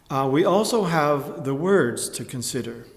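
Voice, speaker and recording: A man giving a measured, precise lecture tutorial, pausing with fillers and clearing his throat now and then. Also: a little high, in a large hall. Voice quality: measured, precise explanatory delivery. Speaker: music instructor. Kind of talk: lecture tutorial with sung examples.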